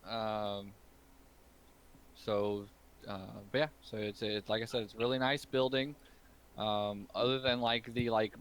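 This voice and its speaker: A man's voice: fairly low pitch, slight background noise. A man narrating as game master, rambling with lots of fillers. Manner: rambling, many fillers and restarts.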